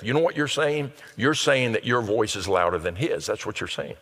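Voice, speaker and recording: A male pastor delivering a sermon in an earnest preaching manner that builds to loud, emphatic peaks. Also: mid-range voice, animated, normal speed, hardly any pauses. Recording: long reverb of a large hall.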